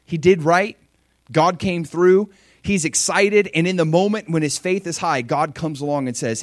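A middle-aged man delivers a sermon in a slightly high voice, recorded close and dry. He is animated, often leaping into excited, shouted character voices as he acts out the story. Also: moderate pace, no room sound. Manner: animated, acts out excited voices of God with big pitch jumps. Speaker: pastor.

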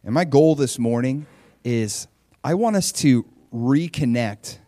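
A middle-aged male pastor preaching a sermon, lively and conversational, with frequent stammering restarts. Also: medium pitch, slow pace, no echo. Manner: animated, stammering restarts, acts out voices in stories.

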